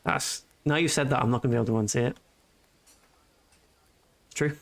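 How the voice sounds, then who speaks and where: Gravelly, cheeky streamer man. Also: medium pitch, brisk. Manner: joking, rambling, cheeky asides. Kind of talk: casual live stream commentary.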